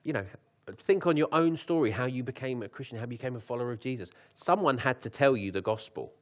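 A young man preaching a sermon, chatty and joking, then reading scripture slowly with lifted emphasis. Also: mid-range voice. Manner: conversational, laughs at his own asides.

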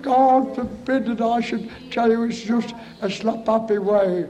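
A high-pitched but mellow man preaches with fervour at a revival meeting. He pleads and coaxes his flock emotionally, stumbling over repeated starts as the feeling runs ahead of his words. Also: measured pace, few pauses, poor audio.

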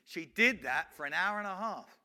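A man's voice: high-pitched, animated, moderate pace, bright, forceful tone. A man, an evangelist telling a story in a sermon, acting out scenes with frequent restarts. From England.

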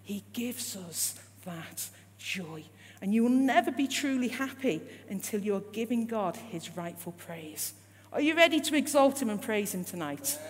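A woman's voice: on the high side, breathy edge. Woman preaching in an echoing hall. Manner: rising rhetorical questions, emphatic repetition. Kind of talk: sermon. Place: church hall. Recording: long hall reverb with faint hum.

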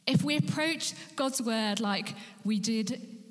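A woman's voice: a little high, takes it slowly. A woman preaching a sermon with earnest emphasis. She drops to a whisper at key points and rallies listeners with questions. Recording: hall with long reverb.

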